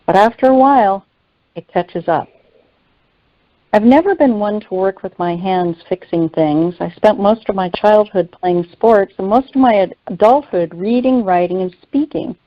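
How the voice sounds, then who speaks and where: A woman reads a devotional teaching in an earnest, measured way. Her voice sits mid-range for a woman. The sound is dry and a little muffled. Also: medium pitch, no echo. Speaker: teacher on a faith call.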